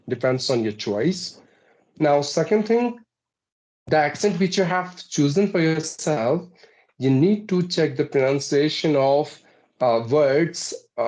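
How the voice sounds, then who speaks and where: A man's voice: fairly high pitch, darkish tone, rough recording. A man earnestly explaining, point by point, how he learned to speak, as an interview guest. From India. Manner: earnest, explanatory, numbered tips. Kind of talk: interview answer.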